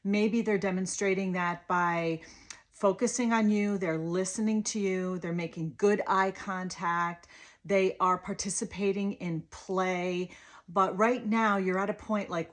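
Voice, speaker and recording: Therapist, woman, 30s; explains plainly, switches to animated sing-song for toddlers. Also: medium pitch, unhurried. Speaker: speech-language pathologist. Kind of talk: parent coaching lesson with toy demo.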